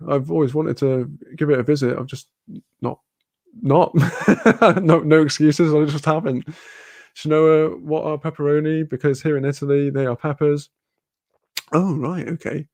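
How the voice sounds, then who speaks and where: A man's voice: mid-range voice, creaky, a little mellow, no room sound. A man with a British accent chatting casually on a live stream, reading comments aloud, rambling, laughing often and swearing freely.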